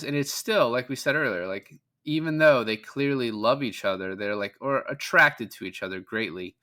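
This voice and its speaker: Casual male podcast co-host, bright forceful voice, rambling profane recap. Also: mid-range voice, moderate pace, hardly any pauses. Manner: rambling, profane, quotes characters in passing. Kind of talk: casual film recap chat.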